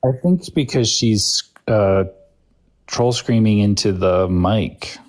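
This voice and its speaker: A man's voice: lowish voice, slow, a little mellow. A man co-hosting a casual livestream debate show, blunt and teasing. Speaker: podcast co-host.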